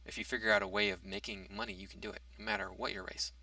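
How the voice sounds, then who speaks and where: A man's voice: low-pitched, fairly even intonation, quick pace, creaky, bright, forceful tone, dry recording, distant mic. A man in a casual opinion monologue, reading out topics and rebutting them, with hesitant restarts. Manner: argumentative, reads out a topic then rebuts it. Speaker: commentary vlogger.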